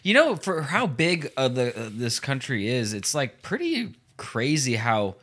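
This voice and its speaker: A man's voice: mid-range voice, big pitch swings, unhurried, fairly bright tone. A podcast host with a mid-range voice reads out a gaming news article. He stays casual and loose, stumbling over words and laughing at his own slips. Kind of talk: casual chat, reading an article aloud.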